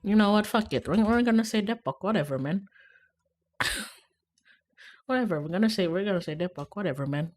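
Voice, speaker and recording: A woman's voice: medium pitch, animated, brisk, pauses often, darkish tone, faint music behind. A young woman streaming a game, chatting casually and rambling, often laughing. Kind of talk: casual live-stream chat while gaming.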